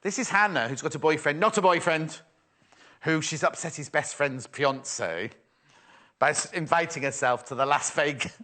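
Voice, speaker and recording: A man's voice: a little high, normal speed, pushed and bright. A man presenting a live sewing shopping show, chatty and playful as he reads out viewer messages. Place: TV studio.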